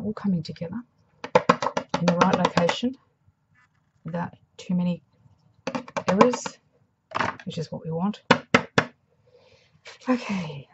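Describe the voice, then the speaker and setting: Brief: Australian woman craft demonstrator, low gravelly voice, slightly hoarse, mumbles softly, dull lo-fi recording. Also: background noise. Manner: soft-spoken, mumbling, thinking aloud. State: hoarse after flu. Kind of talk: casual craft tutorial.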